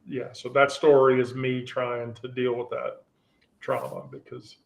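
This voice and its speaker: A man hosting a relaxed group chat, rambling and often restarting his sentences. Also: medium pitch, unhurried, vocal fry. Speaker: host. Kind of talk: casual chat.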